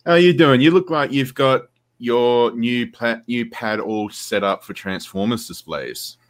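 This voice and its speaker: A man joining a podcast chat over a video call, relaxed and friendly. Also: mid-range voice, a little slow. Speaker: podcast co-host. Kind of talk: casual chat.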